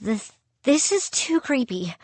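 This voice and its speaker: A woman's voice: a little high, expressive, slow pace, dry recording, voice pushed up, heavily acted. A woman voicing a frightened young kid narrator in a storybook reading, with alarmed, stammering cries.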